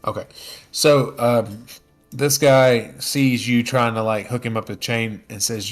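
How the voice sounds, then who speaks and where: A man narrating as game master, casual and full of fillers, slipping into quick character lines. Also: medium pitch, fairly even intonation, soft background music.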